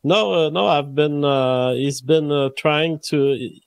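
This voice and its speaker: A man's voice: a little high, slow, vocal fry, no room sound. A man, a guest streamer, in casual chat with a wry manner.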